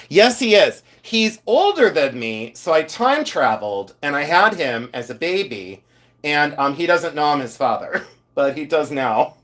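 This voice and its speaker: A man's voice: a little high, very animated, a little slow, a bit bright. A man hosting a live stream, chatting casually and playfully with viewers, teasing and laughing often. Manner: chatty and effusive.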